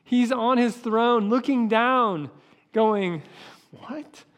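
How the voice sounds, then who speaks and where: A man's voice: on the high side, lively intonation, measured pace, a bit bright. Impassioned male preacher in a reverberant hall. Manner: impassioned preaching, acting out voices for effect. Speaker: pastor. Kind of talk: sermon.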